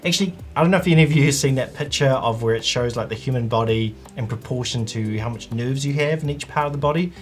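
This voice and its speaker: A man's voice: mid-range voice, fast talker, hardly any pauses. Chatty man hosting a vlog. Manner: chatty, conversational, with frequent "like" and "you know". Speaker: whisky channel host. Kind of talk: casual explainer vlog.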